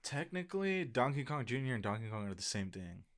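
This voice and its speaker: A man's voice: medium pitch, big pitch swings, fairly quick. A man co-hosting a podcast in laid-back, casual chat, laughing often. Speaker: podcast co-host.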